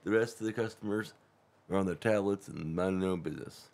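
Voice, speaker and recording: A man with a fairly low voice co-hosts a casual podcast chat. He mostly chimes in with short, agreeable remarks. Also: fast talker, darkish tone. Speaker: podcast co-host.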